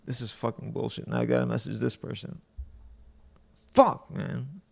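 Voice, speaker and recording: Very gravelly man reading posts aloud. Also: medium pitch, level tone, quick pace, darkish tone. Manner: profane, exasperated running commentary. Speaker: streamer reading online posts.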